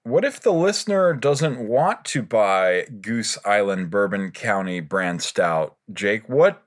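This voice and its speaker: A man's voice: lowish voice, lively intonation, slow pace. A man co-hosting a casual podcast chat, joking and laughing often. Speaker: podcast co-host.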